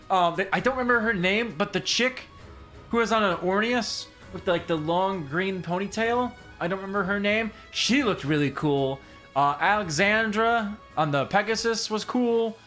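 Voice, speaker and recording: A man casually commentating his gameplay, excitable and rambling, repeating himself and laughing often. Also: sits high. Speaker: streamer.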